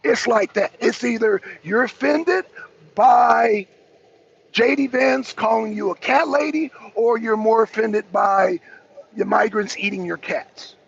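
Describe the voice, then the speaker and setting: A man with a high, gravelly voice hosts his own channel, ranting in a profane, repetitive, worked-up way. The recording is dull and lo-fi, with a faint hum of ambience behind him. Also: takes it slowly. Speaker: channel host. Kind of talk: ranting commentary monologue.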